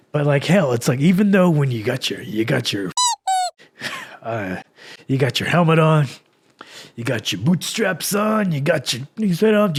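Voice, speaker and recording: A man's voice: on the high side, vocal fry, husky. A man hosting his own podcast, talking rawly and heartfeltly after crying, with sighs and pep-talk encouragement. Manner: raw, heartfelt, motivational, with sighs. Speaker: podcast host. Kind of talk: emotional solo podcast talk.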